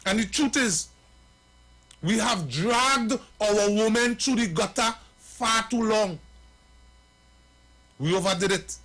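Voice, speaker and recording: A man's voice: high-pitched, slow pace, pauses often, fairly bright tone. A man with a Trinidadian accent hosting a talk show, speaking in a preachy, impassioned way and addressing the viewers directly with repeated phrases.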